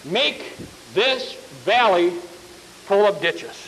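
A man preaching plays an unhurried prophet in a sermon story, casual and drawling. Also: sits high, lively intonation, a bit bright, slight background noise, heavily acted, rough recording. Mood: offhand.

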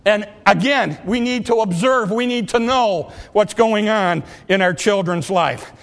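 This middle-aged pastor has a high voice and takes his time, his sermon rising to impassioned peaks before dropping into quiet, confiding asides.

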